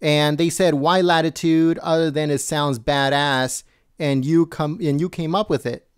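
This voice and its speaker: A man reading news items aloud slowly and adding his own commentary, stumbling and correcting himself and asking viewers questions. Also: on the high side, steady tone, clear, resonant tone, no room sound, studio quality. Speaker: political commentary host.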